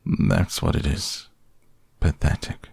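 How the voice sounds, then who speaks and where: A man's voice: takes it slowly, a little mellow, no echo, studio quality, lightly acted. A man voicing a gloomy, self-pitying old grey male donkey in a storybook reading.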